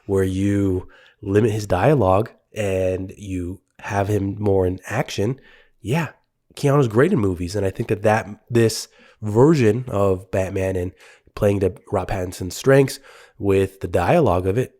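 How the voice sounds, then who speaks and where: Co-host: low-voiced man, relaxed, laughs through his takes. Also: unhurried. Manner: laughs often, hesitant, thinks aloud. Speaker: podcast co-host. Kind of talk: casual film discussion.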